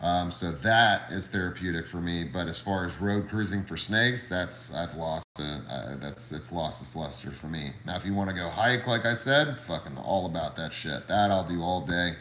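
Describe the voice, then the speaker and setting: A man's voice: low voice, normal speed, hardly any pauses, fairly bright tone, echoey room, a little hiss or hum. A man casually chatting on a livestream and reading viewer comments, laid-back, profane and friendly. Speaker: livestream host and reptile keeper.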